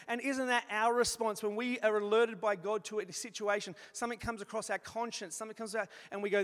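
A man with a notably high voice delivers a sermon, lively and conversational, slipping into little acted-out asides. His words carry a long reverb, as if spoken in a large hall. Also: fairly quick. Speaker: preacher.

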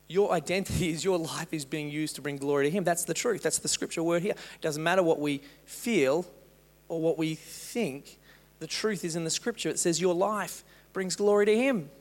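A man preaching a sermon as pastor, moving between loud rousing passages and slow, quiet meditative reading. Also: a little high. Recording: long hall reverb.

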